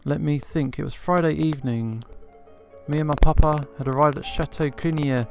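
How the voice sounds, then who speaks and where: A man's voice: on the high side, fairly even intonation, normal speed, creaky, faint music behind. A man voicing a polite, naive young noble cat girl in a prim, chattering way. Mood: childlike.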